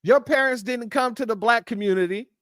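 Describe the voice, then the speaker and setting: A man's voice: extremely high pitch, fairly quick, fairly bright tone, no room sound. A man delivering an opinionated, lecturing monologue with emphatic stress, recorded close in a dry room. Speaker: commentator.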